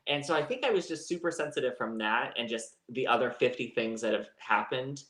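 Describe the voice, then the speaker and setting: A man's voice: mid-range voice, expressive, fairly quick, a bit bright, reverberant. A man co-hosting a live chat show, telling a personal story in a candid, rambling way. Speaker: co-host. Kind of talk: casual chat.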